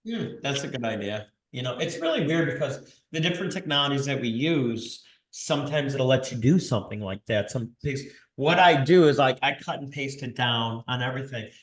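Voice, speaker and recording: A man co-hosting a podcast, rambling in goofy, self-mocking chat. His voice sits mid-pitch and carries a roomy echo. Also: animated, brisk, hardly any pauses. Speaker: podcast co-host. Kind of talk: casual chat.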